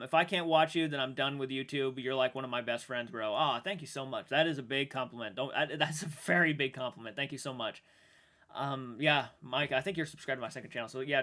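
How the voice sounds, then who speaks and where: A man streaming live and chatting with viewers, emotional and halting, restarting sentences and swearing now and then while sounding shaken. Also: medium pitch, sharp tone. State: shaken and upset. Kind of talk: livestream chat with viewers.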